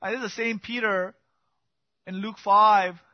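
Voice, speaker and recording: A man preaching an expository sermon as pastor, swinging from loud emphatic bursts to quiet intimate asides. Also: high-pitched, steady tone, measured pace, no echo, highs cut off.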